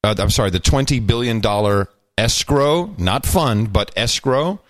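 A man co-hosting a talk show in casual chat, sardonic and animated, his pitch jumping when he gets worked up. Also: a little slow, dry recording, clean studio sound. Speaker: podcast co-host.

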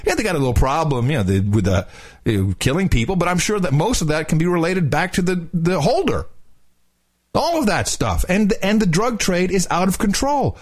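A man's voice: high-pitched, big pitch swings, brisk, slightly rough. A male host chatting casually about politics in a rambling, sarcastic way. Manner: rambling, sarcastic, laughs often.

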